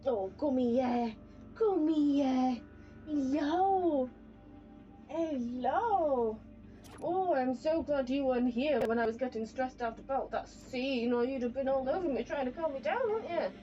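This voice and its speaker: Woman, live game streamer, expressive reactions, high-pitched, faint game music behind. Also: a little fast, few pauses, dull audio. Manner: expressive, reacting aloud, slips into baby talk with her pet. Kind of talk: live gameplay commentary.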